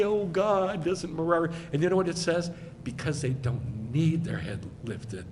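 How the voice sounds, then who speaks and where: A male rabbi giving a sermon in an American accent, conversational and emphatic, swinging between loud and quiet. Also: medium pitch, long reverb tail, a little hiss or hum. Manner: emphatic, conversational preaching with wide swings in loudness. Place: congregation hall.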